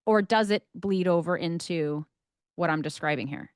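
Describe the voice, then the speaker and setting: A woman's voice: fairly low pitch, normal speed, clean tone, no room sound, clean studio sound. A woman co-hosting a conversational podcast, asking thoughtful, probing questions with hesitant phrasing. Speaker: podcast co-host.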